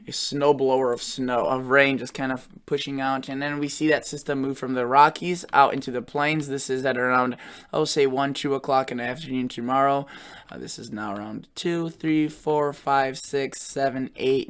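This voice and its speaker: A man's voice: medium pitch, fairly bright tone. A man hosting a weather channel, talking casually through forecast model maps and often correcting himself mid-sentence.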